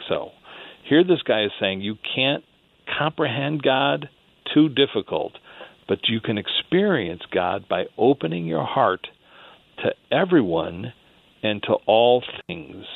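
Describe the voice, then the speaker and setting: A man telling stories as a radio show guest, animated, laughing often and acting out the voices of people he quotes. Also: mid-range voice, creaky, no echo. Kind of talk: storytelling in a radio interview. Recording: tinny phone line into a radio show.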